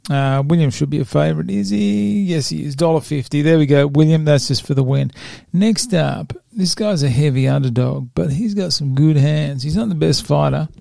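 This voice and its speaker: A man's voice: fairly high pitch, moderate pace, vocal fry, dark tone, no room sound, clean studio sound. A young man hosting a podcast, giving his betting picks in a casual, rambling way and tripping over names as he goes. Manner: rambling, stumbles over names and laughs at himself. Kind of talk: casual solo chat.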